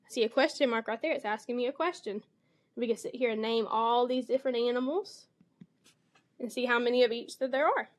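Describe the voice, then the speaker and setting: A woman teacher with a fairly high voice talks through a model reading lesson for young children. She explains each step clearly. She reads the animal sounds with lively expression. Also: brisk.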